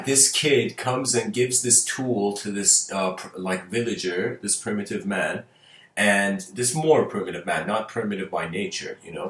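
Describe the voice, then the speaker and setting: A man whose first language is Persian talks casually to his viewers, rambling through fables with frequent laughter and restarted words. His voice is on the low side and a bit bright, and it sounds reverberant.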